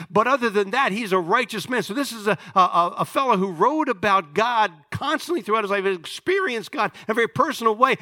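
Man, preacher, high voice, bright and forceful, conversational sermon, loud emphasis and hushed asides. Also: animated, fairly quick. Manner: conversational, with restarts and rhetorical questions.

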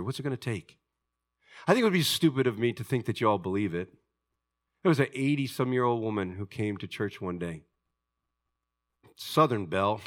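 A man preaching a sermon, swinging from loud, high outbursts to hushed, low passages and acting out the voices of people in his stories. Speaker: pastor.

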